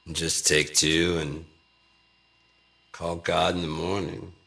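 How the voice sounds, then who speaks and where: A man talks to camera in a loose, rambling monologue full of profanity and offhand jokes. His voice is very low and gravelly, and he talks at an unhurried pace. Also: little pitch movement, bright, forceful tone. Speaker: vlogger.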